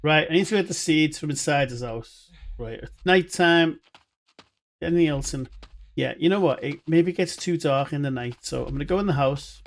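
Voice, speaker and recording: A man's voice: fairly high pitch, moderate pace. A man giving chatty, rambling live commentary on a game he is playing, with jokey asides. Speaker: streamer.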